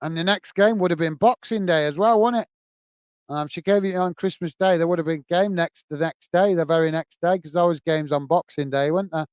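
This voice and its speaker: A man's voice: on the high side, fairly quick, darkish tone, no room sound. A man hosting a live football watch-along from home, commentating on the match and chatting with viewers, laughing often. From England.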